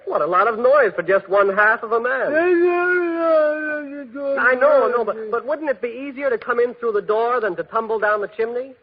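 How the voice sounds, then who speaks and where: A man's voice: very high voice, moderate pace. An actor playing a fearless, cocky young man who jokes his way through everything, in 1940s radio acting style, with a breezy, slangy manner. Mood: joking. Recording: dull hissy old radio recording.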